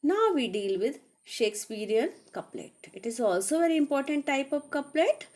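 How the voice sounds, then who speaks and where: A woman teacher with an Indian accent, reading out a recorded lecture slowly and deliberately. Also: high-pitched, sing-song, darkish tone. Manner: slow, deliberate reading of notes.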